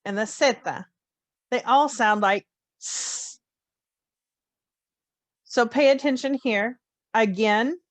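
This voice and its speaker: Woman, language teacher, mid pitch, very slow, deliberate enunciation, dry close recording. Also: no room sound. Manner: clear, deliberate enunciation of letter sounds. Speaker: Spanish teacher. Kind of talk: slow, careful phonics lesson.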